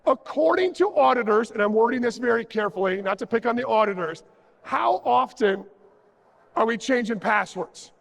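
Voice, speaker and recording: A man's voice: very high-pitched, expressive, moderate pace, vocal fry. A man giving a jokey, sarcastic conference talk on stage, acting out little dialogues as he goes. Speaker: conference speaker. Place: large conference hall. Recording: reverberant conference hall.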